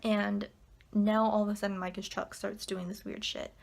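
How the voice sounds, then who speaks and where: A woman's voice: mid-range voice, moderate pace, gravelly. A woman vlogging at home at night, casually telling a story full of "like" fillers and acted-out quotes. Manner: chatty, frequent "like" fillers, animated quoted dialogue.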